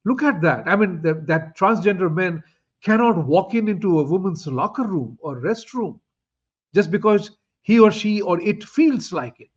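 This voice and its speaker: A man's voice: sits high, expressive, moderate pace, breathy edge. A man hosting an interview, making emphatic points and asking rhetorical questions. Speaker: show host. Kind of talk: opinionated interview talk. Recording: dull lo-fi audio.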